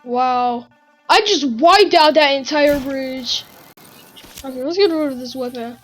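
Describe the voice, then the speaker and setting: A woman giving excitable gaming commentary, full of gasps and exclamations. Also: high voice, a little slow, soft background music, poor audio. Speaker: gamer.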